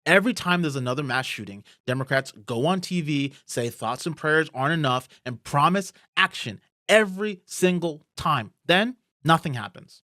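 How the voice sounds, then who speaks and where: A fired-up man hosting a political rant, his fairly high voice leaping up and down as his anger builds. He swears freely and pushes hard on every point. The recording is dry and close, with no room sound. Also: expressive, moderate pace, hardly any pauses, bright, forceful tone, no room sound. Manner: heated, swearing, rising to angry outbursts. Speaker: political commentary host. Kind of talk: impassioned political monologue.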